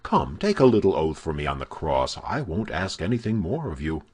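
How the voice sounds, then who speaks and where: A man's voice: sits low, wildly swooping pitch, moderate pace, darkish tone, slightly rough, heavily acted. A man reading an audiobook, voicing a cold, mocking nobleman who threatens his captive. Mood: jeering. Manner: jeering, threatening. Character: menacing male nobleman villain, mocking and cold.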